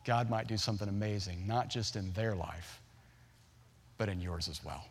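Animated pastor in his forties, hall echo. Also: lowish voice, moderate pace, slightly rough. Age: 40s. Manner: animated storyteller, acts out voices of his family. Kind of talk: sermon with storytelling. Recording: long hall reverb.

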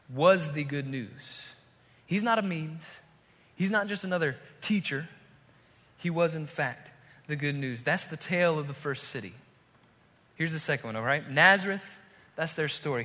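A man preaching a sermon, telling the story with animated energy and acting out the voices of the people in it. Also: high voice. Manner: animated storytelling, acts out crowd and demon voices. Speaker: pastor. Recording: hall reverb.

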